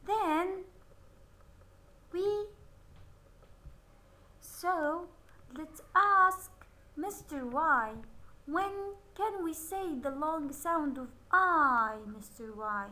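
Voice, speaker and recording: A woman teaching a children's phonics lesson. She models each word slowly and drawn out, then praises with cheerful words. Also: high voice, expressive, sharp tone, poor audio.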